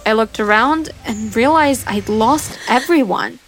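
A woman narrates a personal story in the first person. Her voice sits a little high, and she reads in an earnest, expressive way. Soft music plays faintly underneath. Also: measured pace. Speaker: podcast storyteller.

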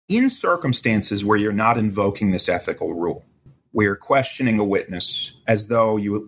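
A man as a legal expert guest, explaining courtroom rules in a measured way and quoting testimony. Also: on the low side, a little hiss or hum. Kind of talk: podcast interview analysis.

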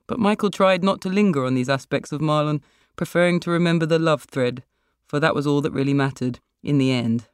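An author reading their own short story aloud in a wry, measured storytelling voice. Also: mid-range voice, clean tone, dry recording, clean studio sound. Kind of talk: literary reading.

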